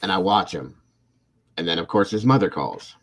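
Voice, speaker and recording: A man in his forties with a very low voice hosts a relaxed livestream chat. He tells long, rambling, self-deprecating stories about his family over a call mic. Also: normal speed. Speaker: channel host.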